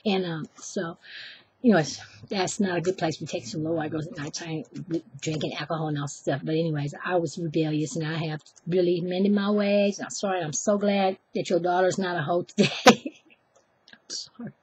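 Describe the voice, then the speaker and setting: Husky woman telling a story. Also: on the low side, normal speed. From Oakland, California. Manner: chatty, animated, acts out voices, self-deprecating asides. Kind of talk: live personal storytelling.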